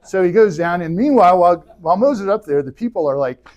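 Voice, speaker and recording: A man's voice: sits high, expressive, quick pace, a little mellow. Man retelling scripture with wry humor. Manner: jokey retelling, voices biblical figures in bursts. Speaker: adult education class teacher. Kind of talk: casual Bible history lecture. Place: church classroom.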